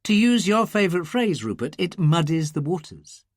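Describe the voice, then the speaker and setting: Cool, theatrical female killer, voiced by a male narrator, calm and dry, lively line readings. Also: on the high side, normal speed, dry recording, pitched above the performer's own voice. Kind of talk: audiobook character reading.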